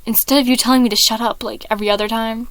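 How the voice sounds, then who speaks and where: Woman voices a cold, menacing young man, sneering, with a smooth, dry voice. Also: a little high, fairly even intonation, very fast, fairly bright tone, dry recording, close to an everyday voice.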